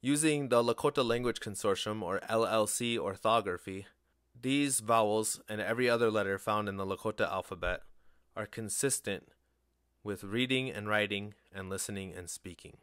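A man teaching a language lesson in a fairly low voice, speaking slowly and deliberately. He sets each word apart as if listing vocabulary. The recording is dry, with no room sound. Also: fairly bright tone, smooth, no room sound.

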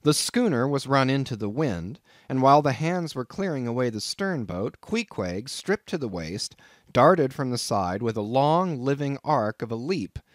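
A male audiobook narrator reads an old sea story in a measured, dramatic way. His voice sits at an everyday middle pitch, recorded dry and close with no echo. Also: expressive. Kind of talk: scripted narration.

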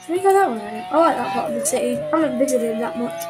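A woman's voice: a little high, lively intonation, fast, loud music behind the voice, rough recording. A young woman casually commenting on her gameplay, rambling, giggling and getting flustered. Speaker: gaming channel host. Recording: loud background noise.

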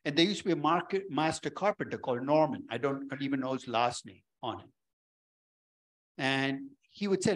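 A man, a university professor, giving a lively, joking lecture in a conversational way. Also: medium pitch, a little fast, rough recording.

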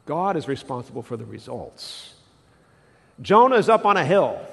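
A male pastor preaching a sermon in an animated way, putting questions to the congregation. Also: mid-range voice, in a large hall. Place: church sanctuary.

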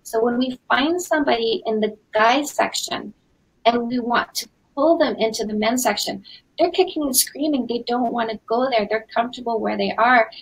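Husky Canadian woman, bubbly coach. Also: a little high, normal speed, poor audio. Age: 40s. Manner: energetic and chatty, lots of fillers. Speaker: dating coach hosting a webinar. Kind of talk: live webinar talk.

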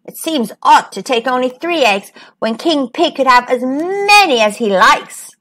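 A woman voicing a cunning old female pig stranger who bargains slowly and slyly in a storybook reading. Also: high-pitched, expressive, fairly bright tone, heavily acted. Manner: slow, wheedling, bargaining.

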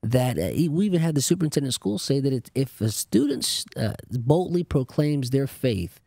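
Gravelly man co-hosting a Christian talk show. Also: medium pitch, sing-song, moderate pace, warm tone, dry recording.

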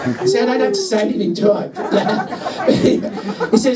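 A man's voice: sits high, very animated, a little slow. A drag queen comedian, telling camp, bawdy, swearing jokes on stage. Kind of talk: live stand-up banter. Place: licensed music venue, on stage. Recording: roomy live venue, mic far off, crowd noise.

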